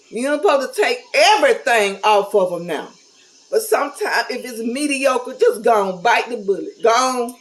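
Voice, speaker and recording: A woman's voice: fairly high pitch, poor audio. A middle-aged woman talking casually to camera, candid and blunt, with a folksy, preachy manner. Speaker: vlogger.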